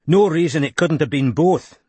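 A man's voice: fairly high pitch, moderate pace, darkish tone, husky, no echo, pitched above the performer's own voice. A man reading an audiobook voices a blunt, crude-humoured man.

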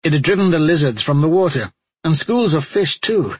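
A man's voice: a little high, sing-song, normal speed, husky, no echo, pitched above the performer's own voice. A man voicing a haunted, guilt-ridden male adventurer in an audiobook, speaking in a strained, tense way.

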